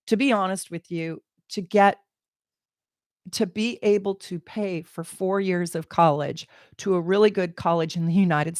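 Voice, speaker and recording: A middle-aged woman, an astrologer, telling a personal story in an animated, emotional way, laughing and exclaiming. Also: on the low side, no echo, clean studio sound. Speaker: astrologer and channel host. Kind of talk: casual personal storytelling to camera.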